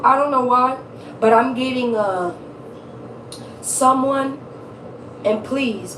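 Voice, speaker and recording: A woman's voice: a little high, a bit bright. Woman reading tarot live, laughs a lot and cusses, kinda far from the mic, faint hum behind. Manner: chatty, laughs often, swears freely. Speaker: tarot reader. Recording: echoey room, off-mic.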